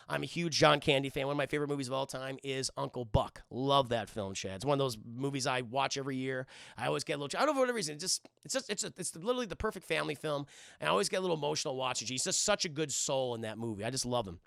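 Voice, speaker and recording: A man casually recapping a film scene by scene for his live chat, rambling and profane, acting out the characters in quick voices. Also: mid-range voice, vocal fry, a bit bright, no room sound, studio quality. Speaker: film review streamer.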